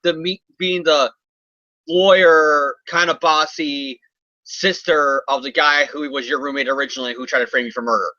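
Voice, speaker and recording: A man talks through a comic book issue in a loose, jokey, rambling way. His voice is very bright and tense. The recording is dry and muffled, with a lo-fi dullness. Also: fairly high pitch, steady tone, no room sound. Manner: rambling, jokey, does quick character voices. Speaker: comic book podcast co-host. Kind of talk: casual comic review chat. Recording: dull, dry lo-fi audio.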